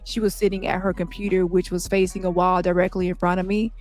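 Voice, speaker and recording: A woman reading the part of a man testifying in court, recounting events in a plain, halting way, with faint music behind. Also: fairly low pitch, little pitch movement, darkish tone, lightly acted. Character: shaken male witness testifying at trial.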